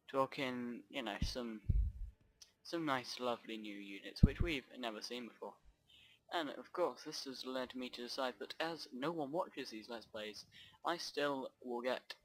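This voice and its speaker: Guy rambling through a let's play, keeps going off track and restarting sentences, middle-pitched voice. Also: fairly bright tone, poor audio. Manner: rambling, off-track, self-interrupting. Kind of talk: rambling gameplay commentary.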